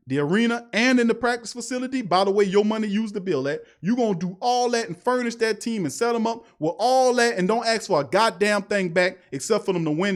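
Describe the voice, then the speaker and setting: A man hosting a live sports talk stream, reading viewer chats and ranting in an animated, preachy way with lots of repetition. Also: sits high. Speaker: sports talk show host.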